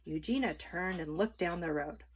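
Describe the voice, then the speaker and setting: Expressive woman reading a children's book. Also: on the low side, normal speed, slightly rough. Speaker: storyteller. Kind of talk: children's book read-aloud.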